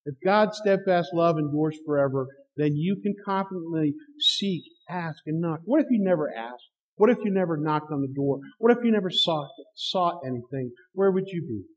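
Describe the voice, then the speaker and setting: This pastor, a middle-aged man, has a slightly high, expressive voice at normal speed on dull-sounding audio. He preaches through stories, voicing the dialogue and chuckling, in a hall with long reverb.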